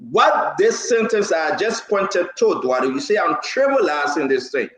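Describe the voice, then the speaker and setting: A man's voice: sits high, expressive, normal speed, roomy sound, a crowd in the background. A man hosting a political talk show, demanding answers and defending himself.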